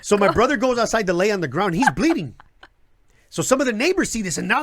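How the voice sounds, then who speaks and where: A man's voice: high-pitched, quick pace. A man from the south side of Chicago, a comedian telling wild stories in casual, profane chat and acting out the voices of the people in them. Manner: animated, acts out quoted voices, laughs through stories. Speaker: guest comedian. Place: live show venue.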